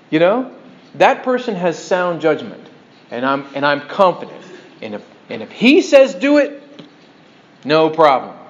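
Male preacher, chatty sermon delivery, slightly raised voice, muffled lo-fi sound. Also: high voice. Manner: conversational, animated, with frequent restarts and checking questions.

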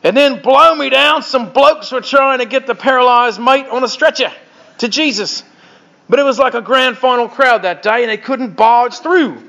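A man's voice: very high-pitched, normal speed, vocal fry, bright, forceful tone, pitched above the performer's own voice, exaggerated voice. A man voicing a hearty Australian storyteller, punchy and boisterous in an Australian accent. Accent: Australian, put on. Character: hearty Australian male yarn-spinner. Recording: dull lo-fi recording.

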